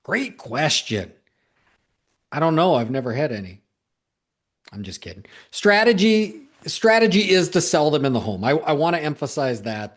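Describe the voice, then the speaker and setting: Emphatic man with a lively voice. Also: medium pitch. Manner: emphatic, repeats key points for stress. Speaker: sales coach. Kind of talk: solo coaching talk.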